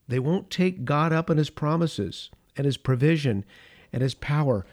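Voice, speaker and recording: A man's voice: on the high side, lively intonation. Impassioned male preacher. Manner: impassioned preaching with dramatic pauses and swings in loudness. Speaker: pastor. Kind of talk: sermon.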